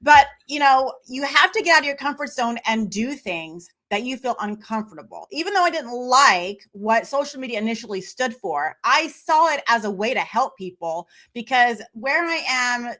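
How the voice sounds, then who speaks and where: A woman with a fairly high, bright voice talks in a relaxed conversation. She is animated and acts out the voices she quotes. Her tone has a crisp, forward edge. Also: moderate pace, hardly any pauses. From Memphis, United States. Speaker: podcast guest. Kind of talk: casual conversation.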